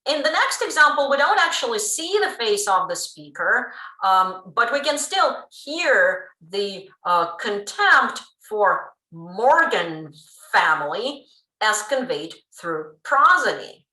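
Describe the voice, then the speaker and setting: A woman giving a pre-recorded linguistics lecture, explaining in a lively way with frequent ums. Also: medium pitch, takes it slowly. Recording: roomy room sound.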